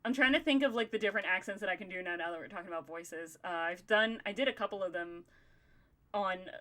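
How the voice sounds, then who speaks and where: A woman's voice: medium pitch, fast talker, a crowd in the background. A woman hosting a podcast in casual chat, talking in loose, rambling runs and laughing often. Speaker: podcast host.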